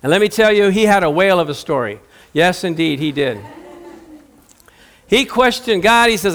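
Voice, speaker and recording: A middle-aged man preaching a sermon in a lively, joking way, acting out the voices of Bible figures. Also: high voice, normal speed. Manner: animated, jokey, acts out Bible voices.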